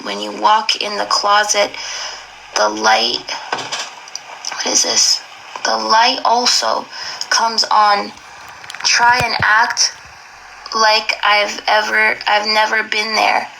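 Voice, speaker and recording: Young woman with a gravelly, bright voice. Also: mid-range voice, slight background noise, low-quality recording. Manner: emotional, exclaiming, slangy. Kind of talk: reacting while reading aloud.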